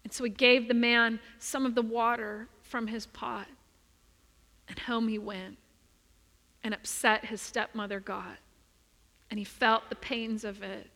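A woman preacher tells a story in her sermon, expressive, often letting her voice drop soft for emphasis. Her voice is bright and a bit high. It rings out with the long reverb of a large church. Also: measured pace, creaky, long pauses.

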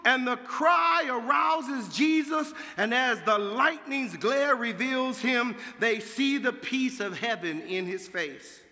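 A man preaching a sermon with dramatic delivery, dropping to a hush and then rising to shouts. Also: very high-pitched, a little slow, hardly any pauses, in a large hall. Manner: dramatic, swinging from hushed to shouting.

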